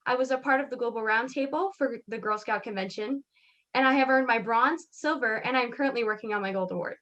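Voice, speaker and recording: A woman's voice: a little high, a little fast, fairly bright tone, lo-fi sound. A woman giving an earnest, recited prepared speech as a youth speaker.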